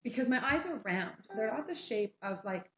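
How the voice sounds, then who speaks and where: A woman's voice: fairly high pitch, animated, moderate pace, fairly bright tone, echoey room. A woman from Montreal with a Québécois French accent, hosting a casual makeup livestream, chatty and self-mocking. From Montreal, Canada. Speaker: livestream host.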